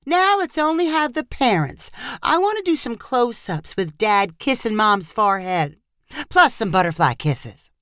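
A woman's voice: medium pitch, big pitch swings, measured pace, fairly bright tone, no room sound, clean studio sound. A woman voicing a pushy, upbeat female family photographer who barks cheerful commands. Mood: bossy.

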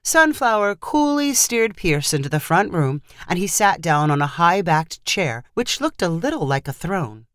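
A woman narrating a storybook in an expressive, animated reading style. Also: fairly low pitch, unhurried, hardly any pauses, no room sound, clean studio sound.

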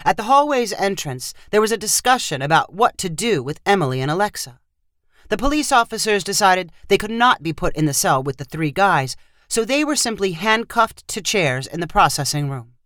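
A woman narrating a short fiction story with steady, expressive storytelling. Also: medium pitch, normal speed, no room sound, studio quality.

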